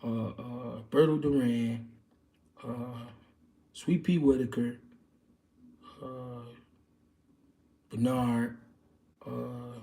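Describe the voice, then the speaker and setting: A man's voice: medium pitch, little pitch movement, very slow, pauses often, dark tone, recorded from a distance. A man hosting a livestream, answering viewer questions in casual, slangy boxing chat with loose street talk and many fillers.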